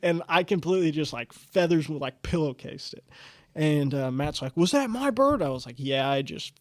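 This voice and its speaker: A man co-hosting a casual podcast, spinning a rambling, profane story packed with fillers. His voice sits fairly high for a man and sounds close and dry, with no room echo. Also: steady tone, normal speed, darkish tone. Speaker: podcast co-host.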